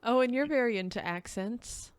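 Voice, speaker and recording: A woman's voice: fairly high pitch, lively intonation, moderate pace, no echo. A woman co-hosting a podcast, teasing the others with dry quips. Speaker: podcast co-host. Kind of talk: casual podcast banter.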